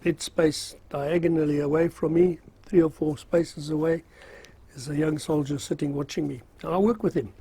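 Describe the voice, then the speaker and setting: A man's voice: fairly high pitch, fairly even intonation, moderate pace, dark tone. An older man casually recounting his army days in a rambling, self-mocking way, with fillers and chuckles. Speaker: storyteller recalling army service. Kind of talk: casual spoken memoir.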